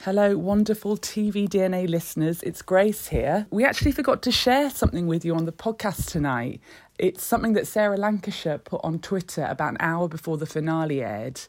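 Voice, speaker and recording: A woman's voice: lowish voice, expressive, fairly quick, darkish tone, no room sound. A woman co-hosting a podcast, playful and self-deprecating as she speaks to listeners. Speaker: podcast co-host. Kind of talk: casual podcast chat. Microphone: remote recording setup.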